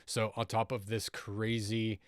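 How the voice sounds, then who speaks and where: A man's voice: lowish voice, completely flat delivery, a little slow, dry recording, studio quality. A man teaching music production in a tutorial, explaining step by step and often checking in with the listener. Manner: patient, explains step by step and keeps checking in with "right?".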